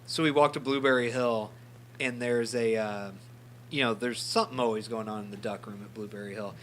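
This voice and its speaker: Podcast co-host, man, bright voice, animated storyteller who jokes and swears, faint noise behind. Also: mid-range voice, fairly quick. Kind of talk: casual chat.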